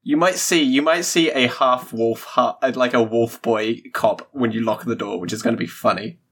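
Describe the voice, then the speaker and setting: A man's voice: medium pitch, normal speed, fairly bright tone, slightly rough. A man playing a tabletop game, joking around and stammering through restarts. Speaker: player.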